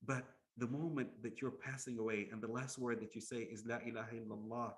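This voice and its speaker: A man's voice: mid-range voice, fairly quick. A man preaching a sermon as a story, acting out voices and often repeating words as he goes. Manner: animated, acts out characters in the story. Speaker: Islamic preacher.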